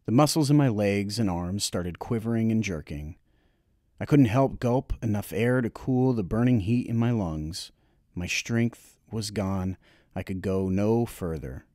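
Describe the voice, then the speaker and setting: A man narrating a novel chapter for an audiobook, reading in a measured, expressive storytelling way. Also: lowish voice, no room sound, studio quality.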